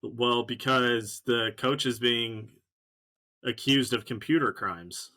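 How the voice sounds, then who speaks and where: A man's voice: medium pitch, fairly even intonation, slow pace, pushed and bright. A man co-hosting a sports podcast, firmly defending his point in casual debate. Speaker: podcast co-host.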